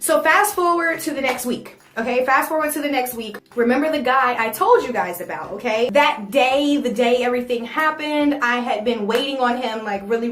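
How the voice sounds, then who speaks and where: Young woman with a high voice telling a storytime vlog, lively and cussing, roomy echo, faint music behind. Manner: animated, swears freely. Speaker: vlogger.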